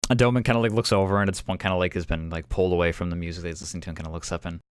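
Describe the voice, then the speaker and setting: A man's voice: deep voice, fairly even intonation, racing, clean tone, no echo, studio quality. A man running a tabletop game as game master, narrating in a rambling, hesitant way full of fillers.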